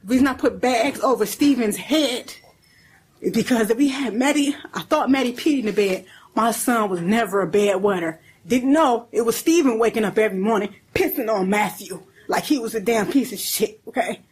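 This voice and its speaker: A woman's voice: a little high, moderate pace, breathy edge. A woman giving blunt, emotional testimony in a courtroom, cursing often as she talks. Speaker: defendant speaking in court.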